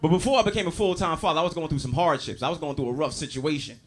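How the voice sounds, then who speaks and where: A man performing a brash, loud stand-up comedy set in a small comedy club. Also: fairly high pitch, rapid-fire. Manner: loud, brash, crowd-working delivery. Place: comedy club in a diner, live audience.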